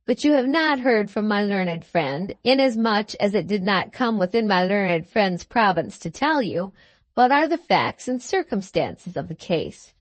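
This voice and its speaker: A woman's voice: medium pitch, very animated, unhurried, dry recording. A woman reading the lines of a pompous male barrister making a grand, theatrical speech to a jury in an audiobook. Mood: grandiose. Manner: grandiloquent, theatrical courtroom oratory.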